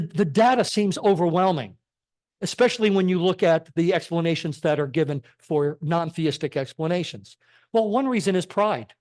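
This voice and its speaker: A man's voice: on the high side, a little mellow. A middle-aged man giving a church talk on science and faith, emphatic and full of rhetorical questions, often checking in with "okay?". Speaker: guest speaker at a church. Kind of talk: sermon-style lecture on science and faith. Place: church sanctuary.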